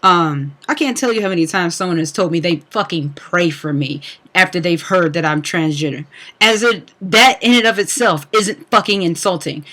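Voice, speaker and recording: A man's voice: high voice, animated, normal speed, sharp tone. A young man giving an angry, profane personal rant on a livestream, full of fillers and restarts. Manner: profane, heated, frequent fillers. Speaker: speaker on a livestream talk.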